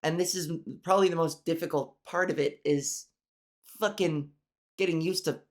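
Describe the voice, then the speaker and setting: A woman's voice: fairly even intonation, normal speed. Nasal, frank-talking woman podcast host. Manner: frank, profane, venting with restarts; consciously pitching her voice up and resonance forward. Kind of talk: solo podcast chat. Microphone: camera mic angled up from below.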